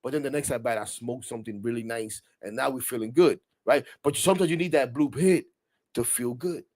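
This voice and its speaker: A middle-aged man hosting a casual sports podcast, talking in an animated, rambling way, swearing freely and getting heated. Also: mid-range voice, a little fast. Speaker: podcast host.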